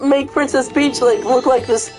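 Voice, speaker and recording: A woman with a fairly high voice chats casually, retelling a story with lively, profane enthusiasm. Faint music sits behind her. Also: moderate pace, rough recording. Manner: animated storytelling, swears freely. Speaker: host. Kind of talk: casual chat.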